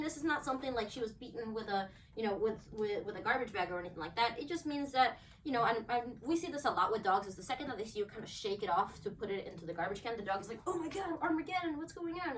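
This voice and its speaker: At home, a dog trainer with a fairly high pitch and fairly bright tone walks through a demo and praises her dogs in upbeat bursts. Her voice comes from a distance over faint background noise.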